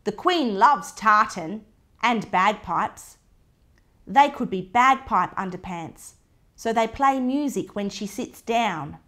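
A woman voicing an excitable, cheeky young boy in a read-aloud storybook. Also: mid-range voice, slow pace. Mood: eager. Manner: excited, demanding.

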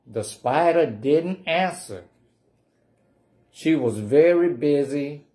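A man's voice: on the high side, lively intonation, slow pace, long pauses, warm tone. A man reading a picture book aloud at a library storytime, playfully coaxing the children to say the refrain along with him.

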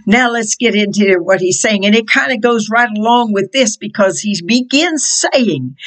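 A middle-aged woman preaching a fervent prophetic sermon, quoting scripture in a slow, impassioned cadence. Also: medium pitch, expressive, rough recording.

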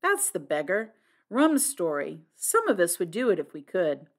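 A rough, taciturn middle-aged hunter in an audiobook, read by a woman, clipped and plain-spoken. His short phrases come out blunt and awkward, with little to say. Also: lowish voice, huge pitch swings, moderate pace, full character voice. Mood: gruff, awkward. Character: gruff, awkward middle-aged male hunter, few words.

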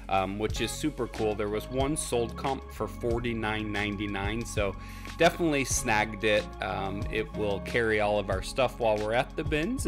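A man co-hosting a casual thrift haul vlog, upbeat and bragging about his finds, in a hotel room. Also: fairly low pitch. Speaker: vlog co-host, thrift reseller.

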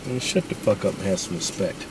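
A man's voice: low voice, big pitch swings, fairly quick, very noisy. A middle-aged man co-hosting, ordering food and trading curses and banter in a car at a drive-thru. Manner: profane and scolding. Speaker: co-host.

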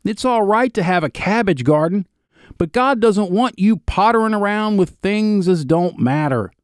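This is a fervent woman preacher calling out to her congregation, her words raised and emphatic, read by a man who lifts his pitch for her. The delivery stays plain rather than fully acted. It sounds close and dry. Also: animated, moderate pace, clean tone, no echo. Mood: exhorting. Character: shrill middle-aged woman preacher shouting exhortations.

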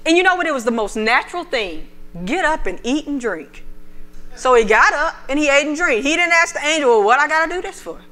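Woman minister, sermon, bright forceful tone, slightly high voice, animated preaching. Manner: animated, acts out the prophet's pleas in a raised voice; reads scripture aloud in a lower, measured voice. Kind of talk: sermon with scripture reading.

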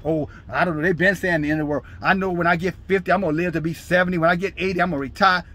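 A man preaching a fiery, scolding sermon, shouting scripture in bursts at his listeners. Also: high-pitched, steady tone, racing. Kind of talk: fiery street-style sermon.

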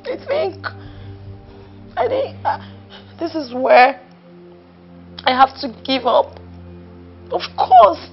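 A woman's voice: extremely high pitch, full character voice. An actress playing a heartbroken woman betrayed by her lover, wailing and crying out in anguish, with a Nigerian accent. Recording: dull film audio with music.

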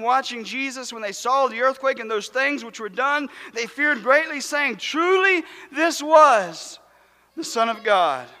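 Fervent preacher guy, real high pitched, church echo trailing every line. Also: pushed and bright. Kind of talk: sermon. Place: church sanctuary. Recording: long church reverb.

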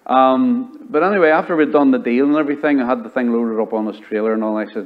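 A pastor preaching a sermon, telling stories and acting out the dialogue in them. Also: male voice, mid-range voice, fast talker, few pauses, narrow, tinny audio. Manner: storytelling preacher who acts out dialogue. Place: church.

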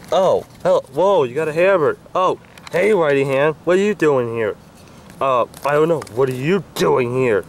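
Man with a high, swooping voice doing a bickering homemade hand skit, loud background noise. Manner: squabbling, whiny, bursts of shouting.

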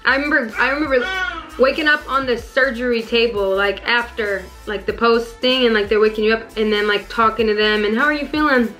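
A woman's voice: on the high side, fairly even intonation, brisk, bright, forceful tone, faint music behind. A woman vlogging casually at home, chatty and rambling, full of fillers as she talks to her viewers. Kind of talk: casual vlog chat to viewers.

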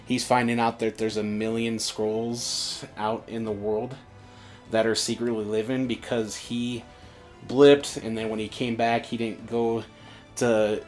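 A man's voice: mid-range voice, level tone, a little slow, a little mellow, soft background music. A man co-hosting a casual fan chat, rambling with many restarts and "uh"s. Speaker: co-host.

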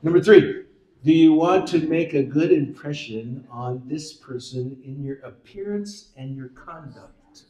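A man's voice: fairly high pitch, measured pace, warm tone. A man leading a congregation in a casual church talk, joking and coaxing the crowd to answer. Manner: playful, joking, coaxes the audience to respond. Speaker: worship leader and speaker. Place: church sanctuary. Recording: roomy church with music behind.

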